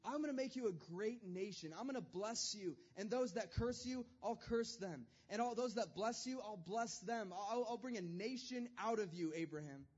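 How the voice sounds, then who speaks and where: A man voicing God, speaking loudly and emphatically as he gives a call and a promise. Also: sits high, normal speed, few pauses, muffled recording, voice pushed up. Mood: commanding. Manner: emphatic, raised and insistent. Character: God as a commanding male voice making promises.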